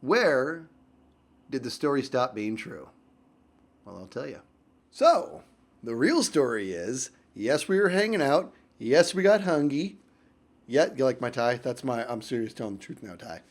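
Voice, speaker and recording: A young man telling a story on his vlog, very animated, swinging from loud outbursts to low mutters and rambling with lots of restarts. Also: a little slow. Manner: rambling, full of likes and restarts. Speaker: YouTube storyteller.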